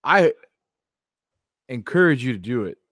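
A man's voice: medium pitch, big pitch swings, measured pace, fairly bright tone, no echo. A man co-hosting a sports radio show who teases the host in a dry way. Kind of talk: casual sports talk.

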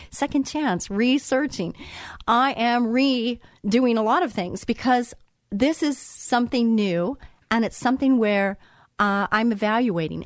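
Middle-aged woman host, earnest and emphatic, dry close sound, no room echo. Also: mid-range voice. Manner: earnest, emphatic, repeats phrases for effect. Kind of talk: motivational monologue.

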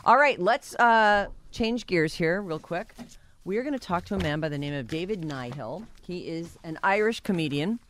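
A woman's voice: on the low side, lively intonation, normal speed, a bit bright, a little hiss or hum. A woman hosting a morning radio show, chatty and self-mocking as she reads out the news. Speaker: radio host. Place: radio studio.

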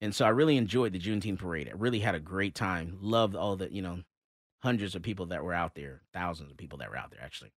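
A man hosts a talk radio show, recorded dry and close in the studio. His pitch rises and falls a lot as he tells his story, full of fillers and restarts. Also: expressive, quick pace, no room sound. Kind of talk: casual talk-radio monologue.

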